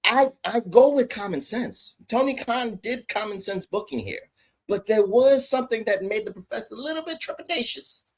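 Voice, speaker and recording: A man co-hosting a casual wrestling podcast, animated and fond of calling himself by a title in the third person. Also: sits high, moderate pace. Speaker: podcast co-host.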